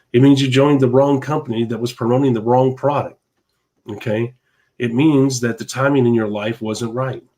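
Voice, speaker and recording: A man's voice: medium pitch, darkish tone. A man hosting a podcast, giving an emphatic, repetitive motivational monologue in a preachy tone. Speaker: podcast host.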